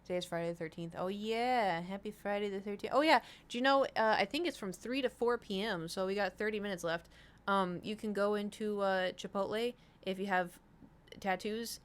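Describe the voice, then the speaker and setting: A woman's voice: mid-range voice, a little fast, clean tone. A young woman streaming from home, chatting casually and rambling to her viewers, swearing now and then. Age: young adult.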